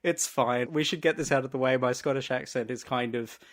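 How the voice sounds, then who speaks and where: Podcast guy cracking jokes at himself, laughs a lot, chatty. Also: mid-range voice. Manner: quick, self-deprecating, laughs often. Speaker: podcast co-host. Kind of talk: casual chat.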